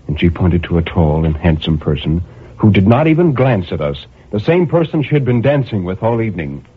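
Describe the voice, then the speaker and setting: A man's voice: low-pitched, animated, a little fast, husky. A man reading a dramatic first-person story in a brooding manner, with impassioned outbursts. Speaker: narrator. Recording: tinny narrow-band recording.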